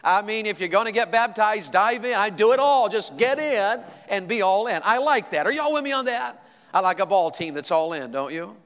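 A man's voice: high voice, expressive, moderate pace, fairly bright tone, in a large hall. A man preaching a sermon, telling stories and calling out to the congregation. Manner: storytelling, addresses congregation directly. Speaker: pastor.

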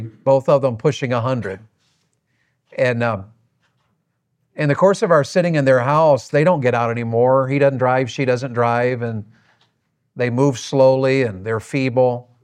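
A middle-aged man preaching on marriage, telling a story in a folksy, animated way. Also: mid-range voice, clean tone.

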